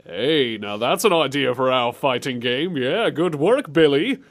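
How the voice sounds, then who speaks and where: A man hosting a comedic game show, excitable and jokey, joking through bits with his co-host. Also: medium pitch, normal speed, few pauses. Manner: excitable, jokey, breaks into laughs and silly voices. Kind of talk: comedic banter about games.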